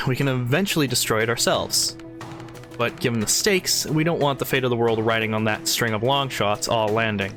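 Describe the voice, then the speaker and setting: Guy reading game lines out loud, chatty asides, bit of music behind. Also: medium pitch, brisk. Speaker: gamer reading game dialogue aloud. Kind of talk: casual let's-play narration.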